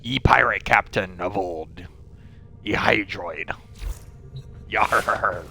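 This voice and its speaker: A man voicing a boisterous male pirate captain in a rowdy, sing-song chant with drawn-out words. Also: lowish voice, gravelly, pushed and bright, voice pushed down, exaggerated voice. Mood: gruff.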